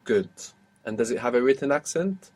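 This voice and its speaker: A man teaching an audio language lesson, patiently asking questions and repeating words slowly. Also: medium pitch, lively intonation, a little mellow.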